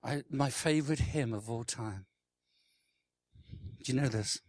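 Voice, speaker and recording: A man in his sixties preaching a sermon, swinging from loud, emphatic declarations to hushed, almost whispered lines. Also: mid-range voice, unhurried, slight background noise. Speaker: worship leader. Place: church conference hall.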